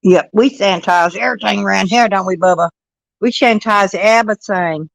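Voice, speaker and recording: An older woman talking on a casual vlog, slipping into high sing-song baby talk for a grandchild. She laughs often and repeats herself. The sound is dry and close. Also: a little fast, creaky, no echo, rough recording. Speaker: vlogger and grandmother. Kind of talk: casual live-stream chat.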